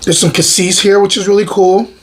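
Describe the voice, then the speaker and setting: A man hosting his own show, tasting and reviewing a wine in a relaxed, enthusiastic way and often repeating his words. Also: high voice, brisk.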